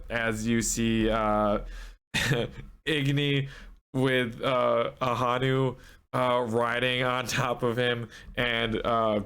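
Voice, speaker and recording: A man narrating as game master of a tabletop game, relaxed and halting, with many fillers. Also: mid-range voice, clean tone.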